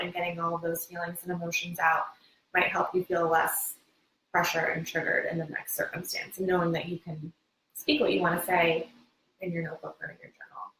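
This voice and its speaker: A woman co-host on a live webinar speaks calmly and clearly, her tone bright and slightly low-pitched. She sounds distant from the mic, with a roomy echo and faint background noise. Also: fairly quick.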